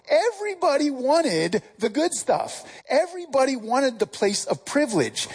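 Preacher for a casual, conversational sermon; husky tone, pitch rises and falls a lot. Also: a little mellow, poor audio. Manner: casual, asks the listeners direct questions.

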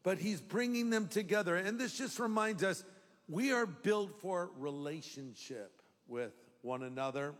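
Brief: a high-voiced male pastor, joking and conversational, echoing auditorium. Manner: conversational, humorous preaching. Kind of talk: live sermon. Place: large church hall. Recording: long reverb of a large hall.

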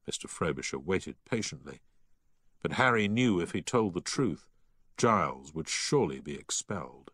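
A man with a deep, low voice narrates a novel in an expressive and measured way. His pitch rises and falls a great deal. The recording is close and dry, with no room sound. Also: slightly rough, dry recording. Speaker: audiobook narrator. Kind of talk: scripted narration.

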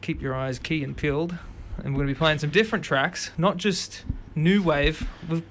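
A young man hosting a radio show, chatting casually and recapping the music tracks with quick asides. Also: a little high, fairly even intonation, fairly bright tone, slight background noise. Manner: chatty, quick asides, sings snatches of songs. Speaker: radio host.

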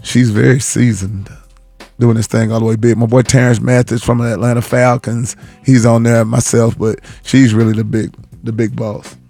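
A man's voice: mid-range voice, flat delivery, normal speed, vocal fry, dark tone, no room sound, faint music behind. Man, radio host, laid-back, casual slang, dry close studio mic. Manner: laid-back, easygoing slang, laughs often. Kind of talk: radio banter.

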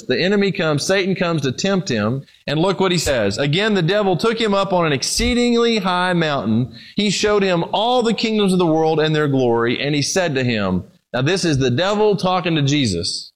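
A man preaching a sermon. He talks straight to his congregation and asks them questions, rising to emphatic lines and then dropping to low, quiet ones. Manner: speaks to the congregation directly, with questions. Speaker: pastor.

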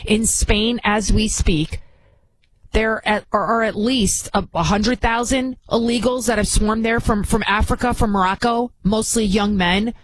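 Indignant woman host, husky and dry. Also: medium pitch, fairly even intonation, measured pace, no room sound, rough recording. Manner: indignant, repeats words when heated. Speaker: commentary show host. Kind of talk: opinion commentary.

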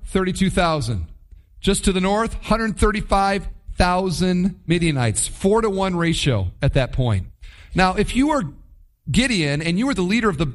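A man teaching a Bible passage in a lively, conversational sermon, stopping to ask the listeners questions. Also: high-pitched. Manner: animated, conversational, asks the audience questions. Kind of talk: expository sermon.

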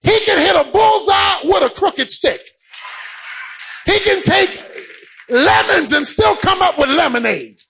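A man preaching a sermon, swinging between shouted, sing-song peaks and quieter stretches. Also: very high voice, animated, unhurried, gravelly, some chatter behind, a little hiss or hum, poor audio.

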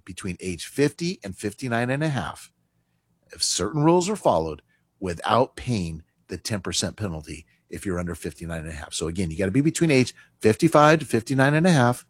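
An animated man hosts a radio finance program, his pitch swinging freely as he stresses each point. He sounds close and dry on a studio microphone, conversational and emphatic. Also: breathy edge, dry recording. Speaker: radio finance show host. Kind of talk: radio talk show monologue.

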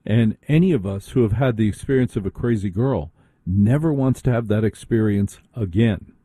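A male talk-radio host speaks bluntly in a relaxed, conversational way. His voice is very dark and mellow. The sound is dry and close to the mic. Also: on the low side, normal speed, slightly rough, dry recording.

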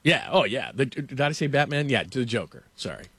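A man's voice: mid-range voice, sing-song, brisk, fairly bright tone, husky. A man hosting sports talk radio, telling a story in a rambling, casual way, laughing often and filling with "like".

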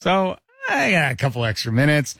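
A man's voice: a little high, wildly swooping pitch, brisk, creaky, fairly bright tone, no echo, studio quality. A man in his forties co-hosting a casual podcast, easygoing and telling little stories about himself. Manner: easygoing, storytelling. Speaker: co-host.

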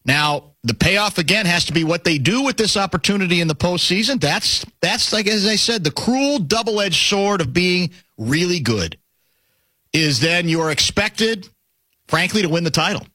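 Animated, bright-voiced sports radio host. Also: male voice, high-pitched, moderate pace, dry recording. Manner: chatty, teasing, animated storytelling. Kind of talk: casual sports talk.

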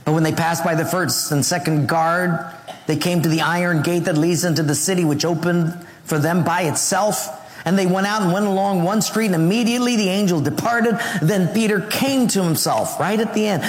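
A man preaching a sermon as an animated storyteller who swings his pitch and laughs his way through the telling. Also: normal speed, big-room sound. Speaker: pastor.

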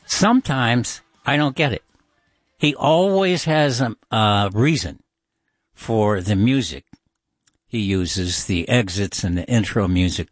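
Guy hosting his show, rambling and wry, lively up-and-down voice, bit husky. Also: on the low side, no echo, clean studio sound. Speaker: show host. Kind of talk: casual chat.

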